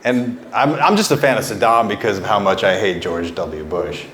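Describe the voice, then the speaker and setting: A man's voice: on the low side, moderate pace, a bit bright. A man doing a stand-up set on a small club stage, rambling through absurd jokes with stammering restarts into a handheld mic. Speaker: stand-up comedian. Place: small club stage before a live audience. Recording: roomy live club sound.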